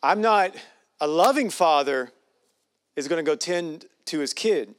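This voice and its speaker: A man's voice: on the high side, animated, a little slow, slight background noise. A man preaching a sermon in a folksy, joking way with playful asides. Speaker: pastor.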